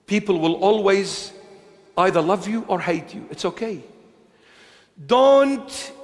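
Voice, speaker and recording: High-voiced man preaching slowly in a reverberant church. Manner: emphatic, repetitive preaching that swings between hushed and raised. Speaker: bishop preaching. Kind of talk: sermon.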